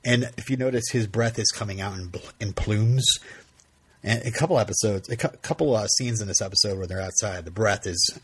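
A man's voice: lowish voice, fairly quick, husky. A man hosting a podcast, retelling a TV episode in casual chat, rambling with frequent laughs and restarts. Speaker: podcast host.

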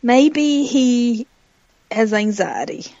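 A woman's voice: fairly high pitch, animated, drawn-out words, warm tone, no room sound. Chatty tipsy woman doing movie commentary, kinda muffled dry lo-fi mic. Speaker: podcast co-host. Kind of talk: casual movie commentary chat. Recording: dry, dull lo-fi sound.

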